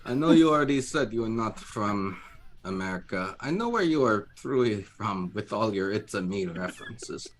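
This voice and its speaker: A man's voice: on the low side, very animated, moderate pace, a little hiss or hum. A man joking dryly while playing a tabletop game. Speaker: player. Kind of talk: casual tabletop game chat.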